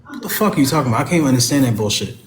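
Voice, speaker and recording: A man's voice: medium pitch, animated, very fast, a little hiss or hum. A man hosting a livestream, venting angrily and profanely at commenters in his chat. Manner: heavily profane, agitated, talks straight to chat. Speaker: livestream host. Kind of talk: angry livestream rant to chat.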